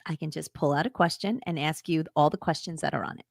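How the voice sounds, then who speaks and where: A woman's voice: low-pitched, fast, creaky, no echo, clean studio sound. A middle-aged woman co-hosting a casual chat show, teasing and laughing often. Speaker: co-host.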